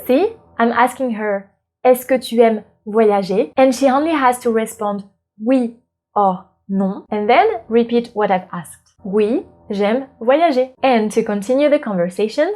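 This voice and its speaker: A woman from France hosting a language lesson, explaining patiently and clearly. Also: on the high side, moderate pace, a little mellow. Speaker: French teacher and channel host. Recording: light background music.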